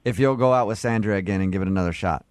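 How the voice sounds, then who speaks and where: A man's voice: on the low side, very fast, dry recording, clean studio sound. A man hosting a morning radio show, playful and teasing, laughing often as he talks to callers. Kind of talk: morning radio prank-call chat.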